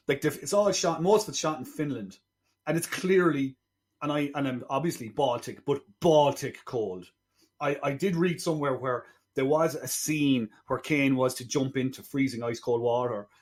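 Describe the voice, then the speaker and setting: Chatty man reviewing a film. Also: fairly high pitch. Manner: rambling, chatty, quick asides. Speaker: podcast co-host. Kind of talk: casual film review chat.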